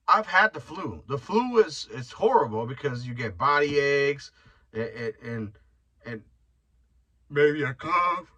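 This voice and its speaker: A man's voice: a little high, sharp tone, husky, rough recording. A young man hosting his own podcast, telling rambling stories in a loose, profane, joking way. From Mexican heritage. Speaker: podcast host. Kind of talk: casual solo podcast rant.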